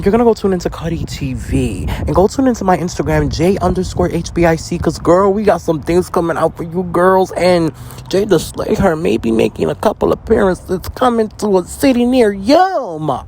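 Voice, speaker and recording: A man hosting his own podcast, telling rambling, profane stories. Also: a little high. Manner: rambling, profane, animated storytelling. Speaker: podcast host. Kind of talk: casual solo podcast monologue.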